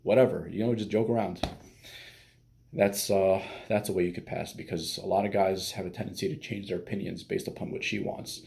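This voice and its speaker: Gravelly, dark-voiced man coaching bluntly. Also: low voice, flat delivery, a little fast. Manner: blunt and profane, with many fillers. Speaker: dating coach. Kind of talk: casual advice monologue.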